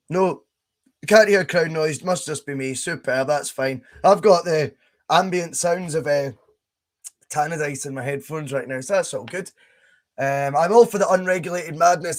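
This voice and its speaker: A young Scottish man hosting a casual live stream, chatting, laughing and reading out viewer comments as he plays. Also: on the high side. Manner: chatty, laughs often, reads chat aloud. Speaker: podcast host streaming a game.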